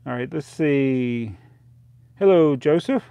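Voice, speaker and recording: A man's voice: medium pitch, lively intonation, slow, vocal fry, dark tone, smooth, no room sound. A man hosting a casual live stream, rambling through his old sales, reading out prices, often laughing at himself. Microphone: close desk microphone.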